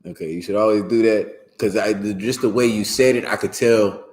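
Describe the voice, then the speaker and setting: A man teaching a scripture class in a loose, slangy way, often jumping his voice high to show how a word should sound. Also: normal speed, a little mellow, echoey room.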